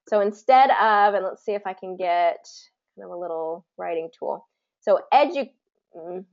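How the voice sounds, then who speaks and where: A woman teaching English pronunciation in a live session, patiently explaining and slowly drawing out example words. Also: mid-range voice, a little mellow, highs cut off.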